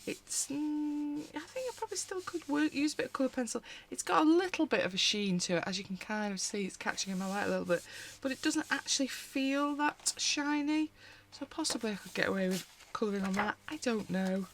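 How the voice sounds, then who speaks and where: A woman's voice: high voice, brisk, slight background noise. A British woman hosting a casual haul vlog from home, talking in a rambling, chatty way with frequent asides as she pages through books. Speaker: colouring channel host.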